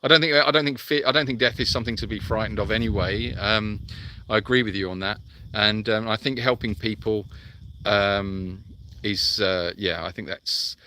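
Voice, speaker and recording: A man's voice: on the low side, pushed and bright. A man hosting a live sanctuary chat, reading out viewer comments and answering in a chatty, rambling way full of fillers.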